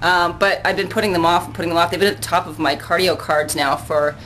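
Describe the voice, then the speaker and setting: An older woman with a somewhat low voice chats to her camera out on a balcony, a bit breathless after exercise. She rambles, restarts and laughs often in a casual vlog. A faint outdoor hum sits behind her. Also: steady tone, fast talker, a bit bright, poor audio. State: out of breath and sweaty after a workout. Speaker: vlogger.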